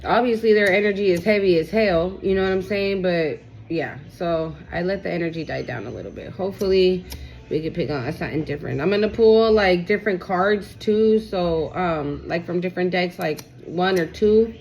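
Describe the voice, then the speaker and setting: A woman tarot reader with a lowish, darkish voice at normal speed gives a casual reading, swearing freely and checking in with "okay?" again and again. There is slight background noise.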